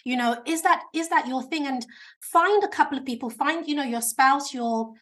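A woman speaking coach giving advice in an interview, animated and talkative. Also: sits high, normal speed. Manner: animated, chatty, self-described natural talker.

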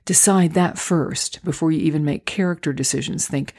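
A woman hosting a solo podcast, talking through acting auditions in a gentle, encouraging, unhurried way. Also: deep voice. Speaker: podcast host and acting coach. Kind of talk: reflective solo podcast talk. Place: home, recorded near a street.

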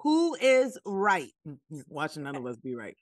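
A woman co-hosting a casual faith podcast over a remote call, animated and laughing often. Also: low-pitched, slow, no echo. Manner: animated, laughing, drawling "y'all". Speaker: podcast co-host.

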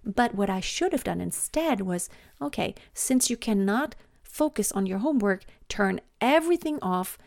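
A woman's voice: mid-range voice, normal speed, gravelly, no echo. Chatty woman with a dry close sound. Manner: chatty, many fillers, animated retelling. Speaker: podcast host, mother. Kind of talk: casual personal monologue.

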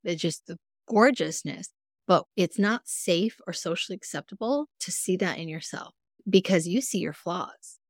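A woman guest on a podcast, a mindfulness coach, telling personal stories in a candid, earnest way with sudden jumps in pitch. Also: expressive, moderate pace, dry recording, studio quality. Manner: earnest, self-reflective. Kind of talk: casual interview conversation.

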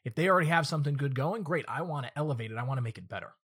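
A man's voice: medium pitch, lively intonation, very fast. A man hosting his own podcast as a dog trainer, teaching and telling stories in a direct, earnest monologue. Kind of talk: solo podcast monologue with storytelling.

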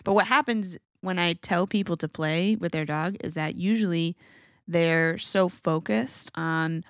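A woman's voice: lowish voice, a little slow, no echo, clean studio sound. A woman dog-training coach hosting her podcast, talking in a casual, candid way with the odd swear word.

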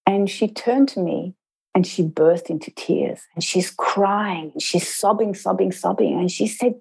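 A middle-aged woman, an intercultural trainer, telling a personal story in a reflective interview and slowing down to stress her points. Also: medium pitch, vocal fry, darkish tone, husky, low-quality recording. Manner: measured, slows down to stress points.

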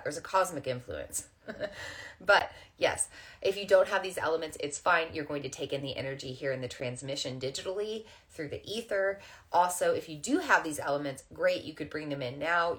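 A woman with a low voice talks gently to a camera in a room at home, teaching spiritual topics. She meanders in a casual way and uses plenty of fillers. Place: indoors at home under overhead lights. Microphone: camera facing her.

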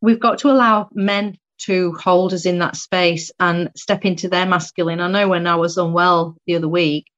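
A woman's voice: on the low side, a bit bright. A woman guest speaking earnestly and thinking aloud in a casual conversation. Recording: dull lo-fi audio.

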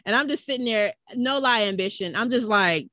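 A woman's voice: on the high side, lively intonation, fairly quick, sharp tone, no echo. Chatty woman, dry close sound. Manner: chatty, laughs along, conversational. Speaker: podcast co-host. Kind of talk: casual storytelling chat.

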